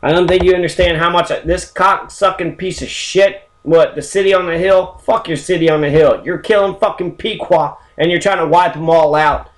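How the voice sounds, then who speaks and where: A man with a somewhat high-pitched voice, ranting in a fury. He swears constantly and rambles from one tangent to the next as he talks through history. It sounds like a loose, unscripted solo rant. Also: steady tone, moderate pace, few pauses. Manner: angry, heavily swearing, rambling. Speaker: history channel host.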